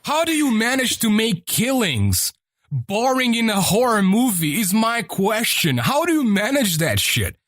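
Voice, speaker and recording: A man's voice: high-pitched, big pitch swings, unhurried, a bit bright, no room sound, studio quality. A man hosting a podcast in casual chat, rambling and swearing freely as he rants. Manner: rambling and profane. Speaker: podcast host.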